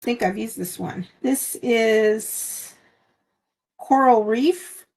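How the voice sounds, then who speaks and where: A woman's voice: fairly high pitch, slow, a little mellow. A woman hosting a casual craft live stream from home, chatting in a meandering way with lots of fillers, recorded on a phone. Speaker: craft channel host.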